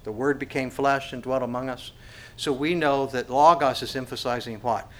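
A man's voice: medium pitch, fairly even intonation, normal speed, fairly bright tone. A man preaching a sermon as pastor. He asks the congregation rhetorical questions and often stumbles over repeated words.

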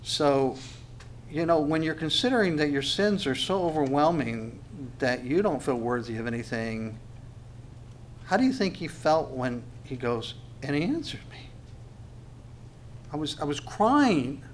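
A man preaching a sermon in an earnest, halting way, stumbling over restarts and then pushing hard on key phrases. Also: a little high, animated, slight background noise. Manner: earnest, halting, with many restarts and sudden bursts of emphasis. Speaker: pastor.

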